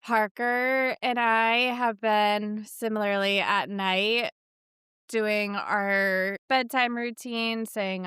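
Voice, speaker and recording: A woman in her thirties co-hosting a podcast, speaking in a thoughtful, measured way in casual chat. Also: medium pitch, steady tone, fairly bright tone, smooth, dry recording, studio quality. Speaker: podcast co-host.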